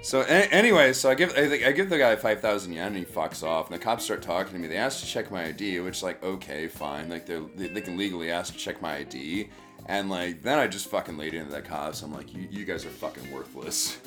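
A man's voice: low voice, fast talker, over music. A man telling a long story in casual chat, stammering, repeating words and swearing often. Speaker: podcast co-host.

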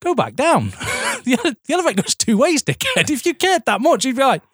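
A man co-hosting a film podcast, swearing and mocking the film in quick banter. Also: extremely high pitch, very animated, fairly bright tone, slightly rough, dry recording, studio quality. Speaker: podcast co-host. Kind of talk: casual film-review banter.

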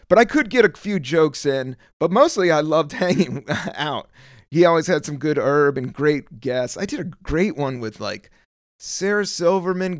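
A man's voice: fairly high pitch, no room sound, clean studio sound. A middle-aged man from the United States, a comedian hosting his own solo podcast, rambling loosely with plenty of swearing and trailing off while searching for words. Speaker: podcast host.

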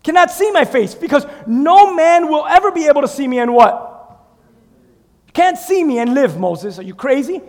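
A preacher voicing a stern, warning God. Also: male voice, very high voice, animated, normal speed, long reverb tail.

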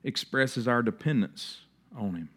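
A man's voice: mid-range voice, animated, unhurried, a bit bright, slightly rough. A middle-aged man preaching a sermon in a conversational way, acting out the voices of the people he quotes. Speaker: pastor.

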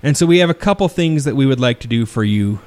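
A man's voice: medium pitch, expressive, quick pace, a little mellow. A man hosting a podcast, making a prank phone call with feigned earnest worry and a straight face. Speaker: podcast host.

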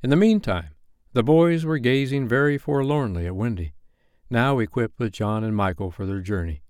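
A man reading a classic novel aloud as a bedtime story, narrating in an expressive, gently wry way. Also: mid-range voice, normal speed, smooth, no room sound, studio quality.

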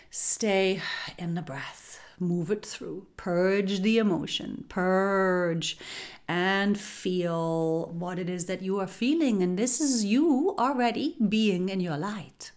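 A woman hosting a spiritual podcast speaks at a slow, unhurried pace in a mid-range voice. Her phrasing repeats like an incantation, and she often drops into a whisper to stress a point. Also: medium pitch. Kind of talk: slow spiritual guidance talk.

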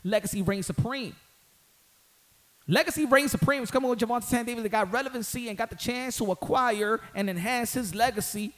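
A high-pitched man riffs on boxing in casual solo commentary, speaking fast with hardly any pauses. He uses slang, repeats lines for emphasis and builds to loud outbursts.

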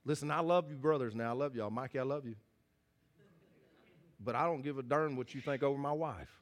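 A man preaches to his congregation at a middling pitch, earnest and folksy in manner. He doubles back, restarts his phrases and repeats them as he leans into each point. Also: brisk. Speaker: pastor. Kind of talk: sermon. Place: church hall with congregation.

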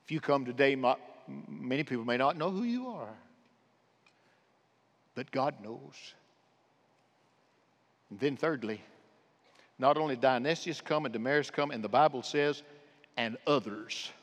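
A man preaching a sermon as pastor, swinging between impassioned and hushed delivery in a church. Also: mid-range voice, animated, a little slow, pauses often, long reverb tail. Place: church sanctuary.

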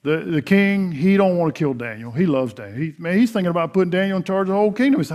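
This middle-aged pastor has a high voice and a quick pace as he preaches, acting out the dialogue of a Bible story in a folksy style. His delivery swings from loud emphasis to hushed earnestness.

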